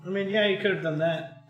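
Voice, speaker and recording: A man co-hosting a casual chat, joking and acting out quoted voices. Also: sits high. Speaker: co-host. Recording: echoey room, faint music.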